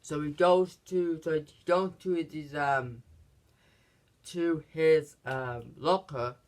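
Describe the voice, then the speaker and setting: A man giving a casual, rambling movie recap, halting often and restarting his sentences. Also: fairly high pitch, steady tone. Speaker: movie reviewer.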